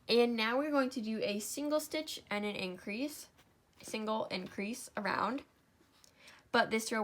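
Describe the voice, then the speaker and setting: A woman's voice: fairly high pitch, a bit bright. A young woman hosting a craft tutorial, talking casually step by step, sleepy and yawning, often correcting herself and apologizing. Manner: chatty, self-correcting, apologetic.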